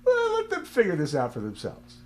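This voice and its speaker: A man's voice: sits high, wildly swooping pitch, fairly quick, darkish tone, pitched above the performer's own voice. A man voicing God in an offhand, wry, dismissive way. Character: exasperated divine voice, dismissive and wry.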